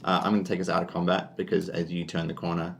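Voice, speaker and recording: A man's voice: low voice, little pitch movement, quick pace, vocal fry, a little hiss or hum. A man with an Australian accent narrating a tabletop game as game master, laid-back and full of fillers.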